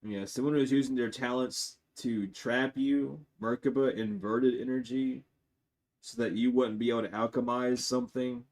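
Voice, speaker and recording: A man giving a live-streamed tarot reading to his viewers. He is blunt and profane, and he swings between loud outbursts and low muttering asides. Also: steady tone, moderate pace. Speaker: tarot reader.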